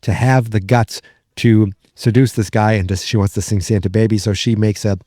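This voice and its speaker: Low, mellow New England man recapping. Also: normal speed, no echo, studio quality. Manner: rambling, excitable, lots of fillers and restarts. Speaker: podcast host. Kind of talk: casual episode recap.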